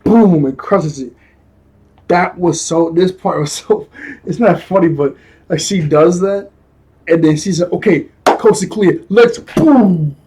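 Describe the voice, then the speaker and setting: A man's voice: a little high, unhurried, pauses often, mellow, slight background noise. A young man casually recapping a cartoon episode in a rambling, slangy way, often laughing and correcting himself. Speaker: episode reviewer.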